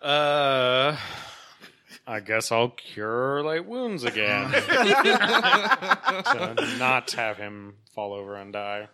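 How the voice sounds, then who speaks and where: A man's voice: medium pitch, sing-song, extremely slow, pauses often, bright, forceful tone. A man playing a tabletop game, hesitant and thinking aloud as he decides what to do. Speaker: player. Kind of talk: casual tabletop game play.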